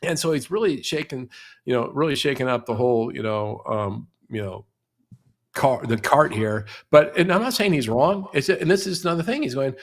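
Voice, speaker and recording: Middle-aged guy on a podcast, talks fast n animated, keeps saying you know, mid voice. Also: mid-range voice. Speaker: real estate industry guest. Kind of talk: podcast discussion.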